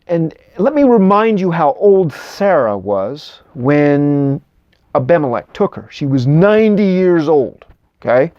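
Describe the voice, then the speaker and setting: A man retells old stories in casual commentary, his pitch swooping widely and sitting slightly high, with wry asides and frequent restarts. The recording is dull and lo-fi, and the sound is dry. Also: darkish tone, no room sound. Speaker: Bible commentator.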